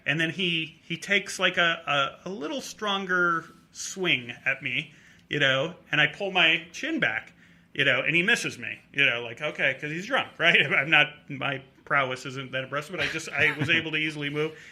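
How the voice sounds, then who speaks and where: A middle-aged male comedian telling a story in casual talk, acting out a drunk heckler in a high voice. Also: moderate pace, sharp tone. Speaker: comedian guest.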